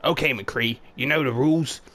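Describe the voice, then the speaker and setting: A man voicing a manic, wild male junker, shouting and taunting. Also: medium pitch, normal speed, pitched above the performer's own voice, close to an everyday voice. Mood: gleeful.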